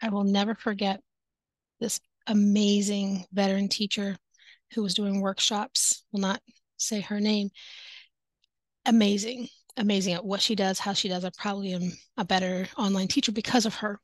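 A woman's voice: mid-range voice, little pitch movement, normal speed, no echo. A woman teaching online, giving casual tips to other teachers in an upbeat, chatty way, speaking into a headset. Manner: upbeat, chatty, laughs often. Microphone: headset with headphones.

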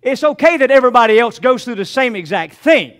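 A man's voice: very high voice, expressive, a little fast, a bit bright, smooth. An older man preaching a sermon as pastor, repeating phrases and calling out to his congregation.

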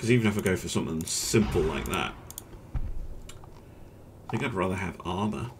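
In a low-pitched voice at normal speed, a man provides laid-back commentary for his gaming channel, reasoning aloud about his choices and hesitating with fillers. The background is noisy.

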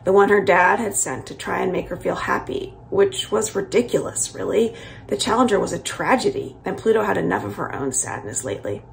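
A woman from a library series reading the first chapter of a children's novel aloud, calm and expressive. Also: mid-range voice, a little fast, vocal fry, a little hiss or hum. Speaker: library book reader.

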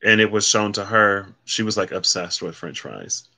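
Lower-voiced man with a bright, forceful tone. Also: animated, moderate pace, creaky. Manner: rambling, self-correcting, reads card meanings aloud. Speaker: tarot card reader. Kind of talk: casual solo card reading.

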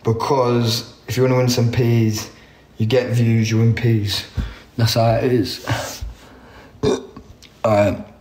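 A man's voice: medium pitch, flat delivery, takes it slowly, pauses often, darkish tone, a little hiss or hum. A young man, chatting casually on a phone live stream, laid-back and slangy with plenty of swearing. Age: 20s. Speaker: livestream host.

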